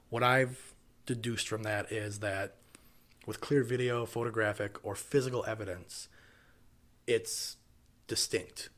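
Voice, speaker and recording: A man from Wisconsin co-hosting a casual podcast, his voice sitting a little low. He rambles loosely, leaning on fillers as he works through his notes. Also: unhurried, long pauses. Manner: relaxed, rambling with many fillers. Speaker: podcast co-host.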